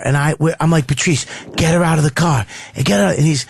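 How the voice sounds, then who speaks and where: Animated, profane American man telling stories. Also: on the high side, fast talker, gravelly, few pauses, slightly rough. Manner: animated, profane, acts out quotes loudly. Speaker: comedian telling stories on a radio show. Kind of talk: casual storytelling on talk radio.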